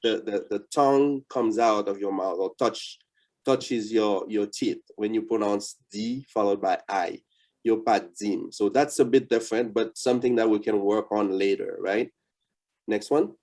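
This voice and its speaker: Man, patient teacher, dark mellow tone, video call. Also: on the low side. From Haiti. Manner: patient, coaching, repeats words slowly. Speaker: language instructor. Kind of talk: interactive online lesson.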